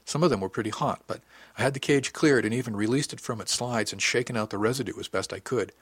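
A man narrating an audiobook in steady, matter-of-fact first-person storytelling. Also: medium pitch, fast, breathy edge, dry recording.

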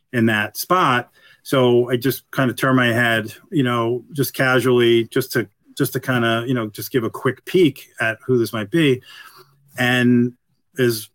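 A man's voice: medium pitch, a bit bright, no echo. A middle-aged man, a retired police detective, tells a story as an interview guest. He rambles, stops and restarts, and fills his speech with "you know". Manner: rambling and halting, full of "you know" fillers.

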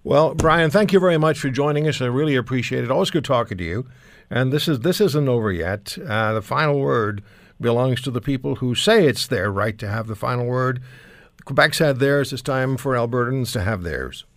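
A man's voice: medium pitch, animated, moderate pace, no room sound. A man hosting a political talk show, blunt and prone to thinking aloud with fillers. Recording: dry studio sound.

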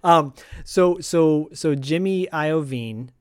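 A man's voice: fairly high pitch, takes it slowly, no echo, studio quality. A man co-hosting a film podcast, talking in an enthusiastic, chatty way. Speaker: podcast co-host. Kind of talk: casual film chat.

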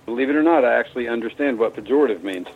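A man calling in to a radio show who answers in a dry, sarcastic, deadpan way, heard over a quiet phone line. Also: medium pitch, very fast, a little hiss or hum. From Indiana, USA. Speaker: caller.

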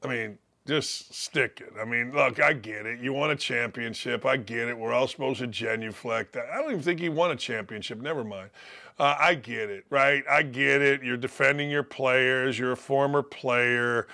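An older man hosting a sports radio show, ranting bluntly and mockingly, his voice gravelly from days of yelling. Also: medium pitch, normal speed. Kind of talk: opinionated sports radio rant.

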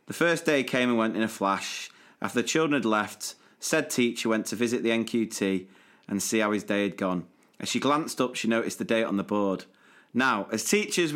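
A podcast co-host with a low-leaning, fairly bright voice chats casually and reads listener stories aloud, adding playful emphasis.

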